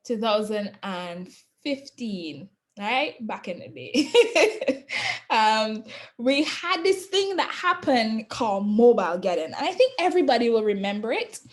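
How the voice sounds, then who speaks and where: A woman's voice: fairly high pitch, animated, a little slow. A woman giving a casual webinar presentation on digital marketing, chatty, laughing often and checking in with "right?". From not from Jamaica.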